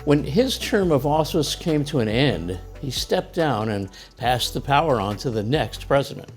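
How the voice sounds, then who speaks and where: A man from the United States explains things in an even, plain way, with light chuckles between remarks. His voice sits at a medium pitch. Soft music plays quietly behind. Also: moderate pace. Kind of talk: scripted lesson dialogue.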